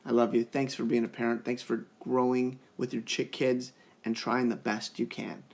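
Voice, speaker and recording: A man's voice: medium pitch, level tone, normal speed, gravelly. A young man talking earnestly and reassuringly to the camera in a casual parenting vlog. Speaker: parenting vlogger.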